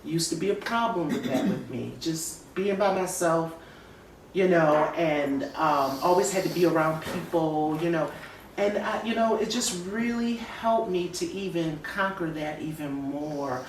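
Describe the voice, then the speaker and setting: A woman's voice: low voice, expressive, measured pace, slight background noise. A woman telling a personal story in a casual podcast chat, acting out quoted voices as she goes. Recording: echoey room, mic at a distance.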